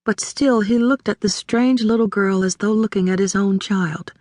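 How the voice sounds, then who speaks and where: A woman narrating a literary audiobook in a measured, deliberate way, recorded on a close studio mic. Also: mid-range voice, darkish tone, dry recording.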